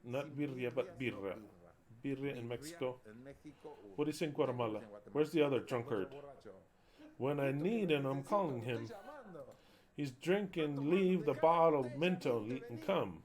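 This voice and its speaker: A man's voice: medium pitch, moderate pace, pauses often, crowd noise. A man from Argentina, a minister giving blunt, emphatic live commentary on viewer comments, repeating words and cursing.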